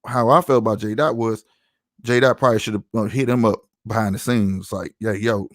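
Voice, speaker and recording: A man's voice: fairly low pitch, steady tone, a little fast, no room sound, studio quality. Slangy St. man chatting on a podcast. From St. Louis, USA. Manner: slangy, storytelling, lots of "you know what I'm saying". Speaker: podcast host. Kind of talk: casual podcast chat.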